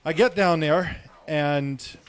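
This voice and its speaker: A man's voice: a little high, slow. Chatty, swearing storyteller man. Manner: chatty, laughing, swears freely. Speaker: radio show co-host telling stories. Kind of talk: casual storytelling banter.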